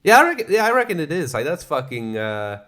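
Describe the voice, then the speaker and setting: A man's voice: on the high side, sing-song, quick pace, sharp tone. A young man hosting a casual solo podcast, rambling, swearing a lot and laughing often. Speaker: podcast host.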